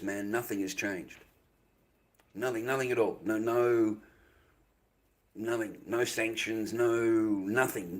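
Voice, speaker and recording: A heated Australian man rants into his live stream, swearing in nearly every line. He circles back and repeats his points as he goes, with an ordinary mid-range voice. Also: medium pitch. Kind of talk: angry profane rant.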